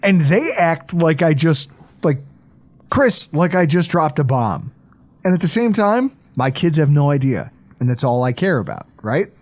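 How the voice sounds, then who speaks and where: A man, co-hosting a podcast in casual, profane, animated storytelling. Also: a little high, a little slow. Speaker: podcast co-host.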